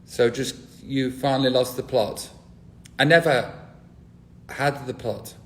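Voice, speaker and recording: A man's voice: medium pitch, takes it slowly. A man, hosting a casual live stream, rambling and cheeky with crude jokes. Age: 40s. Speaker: livestream host.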